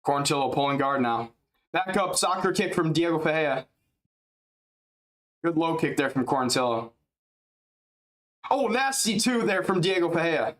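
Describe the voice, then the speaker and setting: A man's voice: a little high, moderate pace, long pauses. Man doing rambling casual fight commentary. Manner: rambling, chatty, jumps up in excitement at big strikes; drowsy and yawning at times. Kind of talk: casual live play-by-play commentary.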